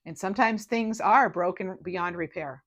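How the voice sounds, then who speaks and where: A woman giving a casual tarot reading to her viewers, chatty and reassuring, often checking in with "right?" and letting phrases trail off softly. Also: mid-range voice, moderate pace. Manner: chatty and reassuring, with frequent "right?" and "you know". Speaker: tarot reader.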